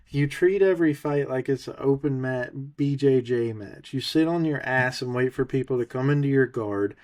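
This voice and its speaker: Brief: male podcast co-host, mid-pitched voice, mocking and heated, listing a fighter's failures. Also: a little mellow. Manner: sarcastic, cutting, heated. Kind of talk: mocking rant.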